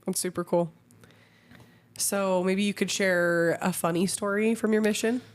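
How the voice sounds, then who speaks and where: A woman's voice: medium pitch, fairly even intonation, unhurried. A young woman co-hosting a podcast, drawing out stories with short reactions and questions in casual chat. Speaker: podcast co-host.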